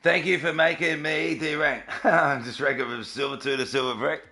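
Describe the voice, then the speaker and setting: A man's voice: on the high side, fairly even intonation, normal speed, pushed and bright. A man hosting his gaming channel, giving sarcastic, mocking gameplay commentary and laughing often.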